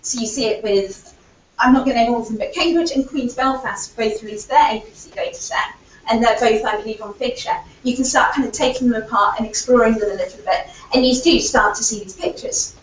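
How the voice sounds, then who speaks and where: A woman's voice: fairly high pitch, brisk. Woman conference speaker, earnest, filler-heavy talk, voice slightly recovering; dull lo-fi recording with faint noise. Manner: earnest, argumentative, frequent fillers like "kind of". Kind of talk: conference presentation. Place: lecture hall. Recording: echoey hall, distant, dull lo-fi audio.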